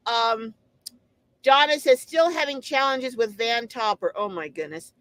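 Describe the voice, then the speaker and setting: A woman's voice: a little high, measured pace, fairly bright tone, low-quality recording. A middle-aged woman hosting a casual live stream, reading viewer comments aloud and answering them with chatty exclamations and frequent ums.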